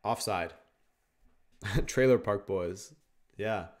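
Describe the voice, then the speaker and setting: A young Canadian man hosts a live watchalong, speaking very slowly in a lowish voice. He relaxes into casual stream chat, reading out viewer questions and reacting to the match as it plays.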